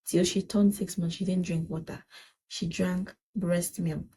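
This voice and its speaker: A woman's voice: on the low side, fairly even intonation, measured pace, dark tone, husky, rough recording. A young woman, earnestly giving advice in a casual vlog chat and repeating points for emphasis. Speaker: parenting vlogger.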